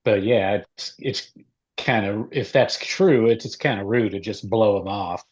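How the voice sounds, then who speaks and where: A man's voice: on the low side, husky, muffled recording. A man in a casual podcast chat, answering hesitantly with several restarts. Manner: hesitant, measured, many restarts.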